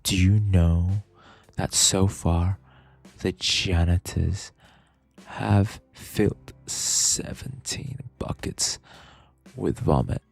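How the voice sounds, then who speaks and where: In a whispered role-play, a man voices a menacing school principal who growls his threats in a scary little whisper. The voice is deep, heavily gravelly and husky, and it drags along very slowly. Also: big pitch swings, a little mellow, faint music behind, full character voice.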